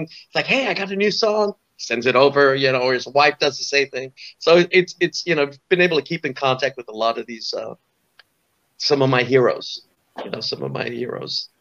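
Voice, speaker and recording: A man's voice: mid-range voice, fairly bright tone, lo-fi sound. A man in his sixties from Southern California, a guest musician telling stories in a rambling way, full of "you know" and restarts. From Orange County, California. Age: 60s. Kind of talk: casual storytelling interview.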